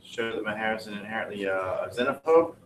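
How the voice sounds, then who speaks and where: A man's voice: on the low side, fairly quick, slight background noise. A male teacher reading student work aloud to his class and giving feedback, with joking, wry asides. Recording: echoey classroom, distant mic.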